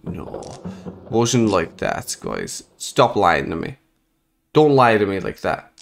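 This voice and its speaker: A young man giving jokey, excitable commentary while playing a horror game, swearing when startled. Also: sits low, slow pace, gravelly, a little hiss or hum. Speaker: gaming video creator.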